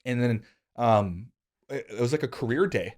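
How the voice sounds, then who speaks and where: A man in his thirties hosting a podcast, telling casual stories with self-deprecating humor. He gets animated, and his voice jumps high when he quotes himself. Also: moderate pace. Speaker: podcast host. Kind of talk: casual conversational storytelling.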